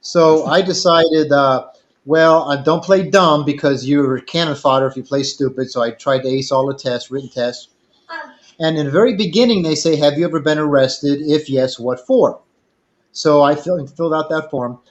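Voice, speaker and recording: A man's voice: on the high side, normal speed, highs cut off. Older man telling a rambling story. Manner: rambling anecdotal, quotes others in dialogue. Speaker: storyteller guest. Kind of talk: casual storytelling chat.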